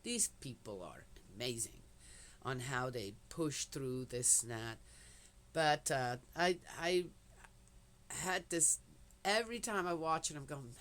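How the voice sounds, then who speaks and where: A woman's voice: extremely low pitch, lively intonation, takes it slowly, a bit bright. An older woman chatting in a meandering, talkative way, drifting between personal stories and Bible commentary and often dropping in little "yes" asides. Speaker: vlogger. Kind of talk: rambling casual chat and Bible commentary.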